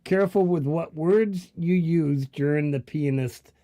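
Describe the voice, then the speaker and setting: A man with a Canadian Italian accent, hosting a live stream in a joking, casual way and filling his pauses with many ums. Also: on the high side, dark tone. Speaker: livestream show host.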